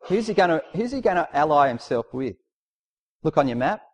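A man delivers a sermon in a fairly high voice. He preaches conversationally but with emphasis, pressing his points with rhetorical questions and reading passages aloud. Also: big pitch swings, fairly quick, muffled recording.

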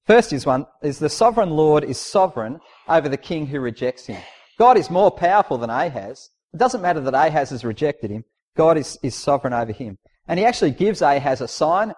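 A man delivers a sermon in a fairly high voice. He preaches conversationally but with emphasis, pressing his points with rhetorical questions and reading passages aloud. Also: expressive, brisk, a little mellow.

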